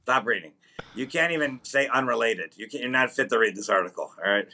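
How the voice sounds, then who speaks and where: A man's voice: medium pitch, quick pace, pushed and bright. A man co-hosting a comedy podcast in casual chat, teasing his partner and then explaining things at length.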